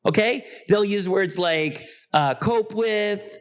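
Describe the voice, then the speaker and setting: Appearing as a podcast guest, a man talks passionately and insistently in an interview. His voice is high-pitched and slow, and it jumps up sharply whenever he hits a key point.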